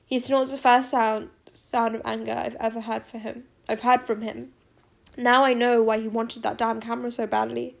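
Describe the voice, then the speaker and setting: Woman narrating with a creaky, flat voice. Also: on the high side, normal speed. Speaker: audiobook narrator. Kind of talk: first-person scripted narration.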